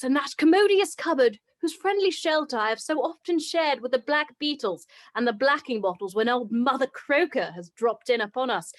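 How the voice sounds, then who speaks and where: A woman reading the part of a comic, florid soldier suitor in an old-fashioned stage script. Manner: mock-grand, old-fashioned lower-class diction. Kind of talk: script read-through.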